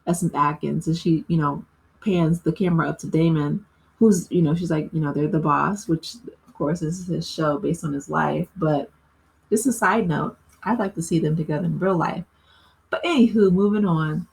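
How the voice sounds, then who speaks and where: A woman's voice: sits low, steady tone, moderate pace, creaky. A woman casually recapping a TV episode for her channel, talking in a loose way with lots of "you know" and "like" and frequent laughs. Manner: chatty, filler-heavy with frequent "you know" and "like"; laughs often while talking.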